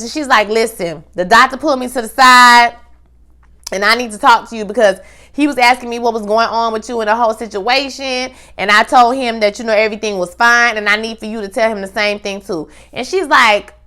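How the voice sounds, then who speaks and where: A young woman recapping a TV episode in a casual, animated way, acting out the characters' lines and throwing in slangy asides. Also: a little high, brisk. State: pregnant. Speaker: TV recap host.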